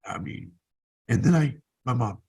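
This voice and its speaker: A man's voice: medium pitch, lively intonation, unhurried, vocal fry, a little mellow, husky, rough recording. A man in his fifties who vlogs, telling his own story in a blunt, profane, rambling way. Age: 50s. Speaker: vlogger. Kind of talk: casual personal storytelling.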